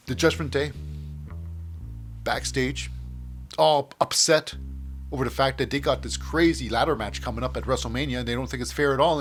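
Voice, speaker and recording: A podcast host with a mid-range, fairly bright voice casually recaps things on his show in a rambling way. He uses many fillers and restarts and often acts out scenes in different voices.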